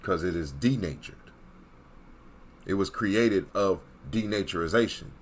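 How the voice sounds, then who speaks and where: A man's voice: low-pitched, measured pace, a little hiss or hum. A man giving an emphatic, preachy monologue as an online commentator, repeating points and checking in with his listeners. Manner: emphatic, repetitive, checks in with "Okay?".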